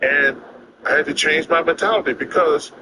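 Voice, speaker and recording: An older man in his sixties spins animated, drawling anecdotes with quick laughs, his voice sitting a little high for a man. It is recorded outdoors, with loud background noise and traffic rumbling behind him. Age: 60s. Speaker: interview guest. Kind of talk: casual storytelling chat.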